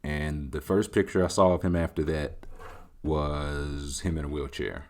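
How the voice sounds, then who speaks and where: Low-voiced dude riffing casually, jokey and animated, hosting his own show. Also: unhurried. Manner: jokey, animated, voices quoted game text. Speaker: host. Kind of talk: casual comedic commentary.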